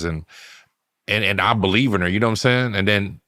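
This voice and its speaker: Deep-voiced slangy man. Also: a little fast, fairly bright tone. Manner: slangy, full of "you know what I'm saying". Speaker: podcast co-host. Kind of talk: casual chat.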